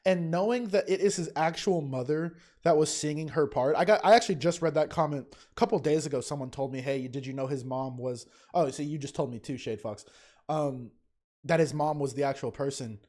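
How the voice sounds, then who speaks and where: A young man, a teacher, giving casual, emotional fan commentary in a reaction video, often halting and restarting. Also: on the high side, a little mellow.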